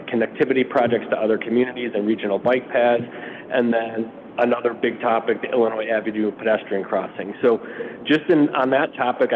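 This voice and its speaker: Brief: man, raspy from allergies, municipal staff presenter, casual and filler-heavy; narrow phone-band sound. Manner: informal, many fillers. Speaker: public works official presenting to city council. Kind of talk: briefing at a council retreat. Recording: phone-like, muffled sound with faint rumble.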